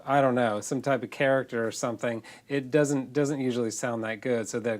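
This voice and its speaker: A man's voice: medium pitch, fairly even intonation, fairly quick, hardly any pauses. A man with a congested, nasal voice, teaching singing in a loose, casual lesson full of restarts. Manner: loose, demonstrating, self-correcting.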